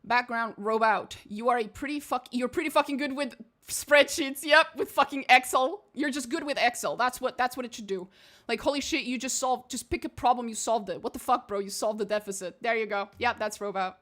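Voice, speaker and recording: Sweary Portuguese woman streamer, high voice. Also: fairly bright tone. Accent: shifting, mostly posh British or American, slight Portuguese. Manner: profane, blunt, quick to laugh. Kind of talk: casual game stream commentary.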